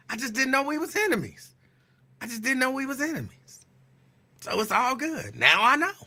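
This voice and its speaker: A man's voice: very high voice, pushed and bright. A man hosting his own podcast, teasing and calling someone out in a profane, repetitive casual rant. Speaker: podcast host.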